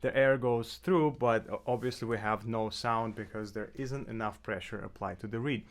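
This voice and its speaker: A man's voice: on the low side, normal speed, a little hiss or hum. A man teaching clarinet in a casual tutorial from his apartment, talking loosely with many fillers and restarts. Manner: relaxed, with frequent fillers and self-corrections. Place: apartment indoors.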